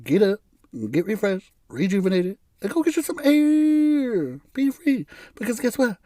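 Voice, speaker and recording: A man's voice: high voice, big pitch swings, a little slow, dark tone, no room sound, studio quality, voice pushed up. A man voicing a sassy, fierce female motivational influencer giving a preachy pep talk.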